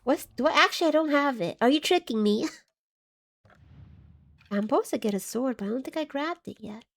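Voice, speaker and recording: Lively high-voiced woman streamer. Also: moderate pace. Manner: chatty, scattered, giggly, reads chat aloud. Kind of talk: casual live game commentary.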